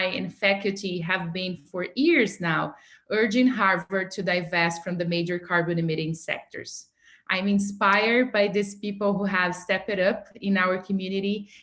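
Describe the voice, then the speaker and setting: A woman delivers a prepared campaign speech in a measured, earnest way, pitched at a middle height. She speaks over a video call. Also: a bit bright. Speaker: board candidate.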